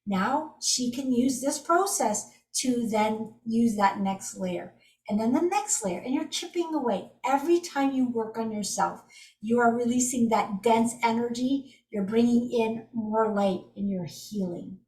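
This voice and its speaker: A woman's voice: on the high side, unhurried, a little mellow. Woman guiding a tapping session, echoey. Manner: encouraging, speaks example phrases aloud. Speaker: energy healing teacher. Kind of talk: guided tapping demonstration. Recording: echoey room, far from mic.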